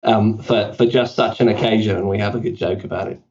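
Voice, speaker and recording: A man's voice: lowish voice, fairly even intonation, darkish tone, muffled recording. A man from South Africa with an accent that blends British and South African, telling self-deprecating stories as a guest in a podcast interview. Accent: mixed British and South African. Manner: self-deprecating anecdotes, quick with fillers and restarts. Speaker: CEO guest.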